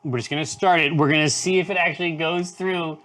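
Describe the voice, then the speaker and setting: A man's voice: fairly high pitch, fairly even intonation, fast talker. Joking man hosting a brewing stream. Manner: joking, loose, swears, sings softly to the brew. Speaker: co-host of a live brewing stream. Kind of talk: casual chat on a live stream.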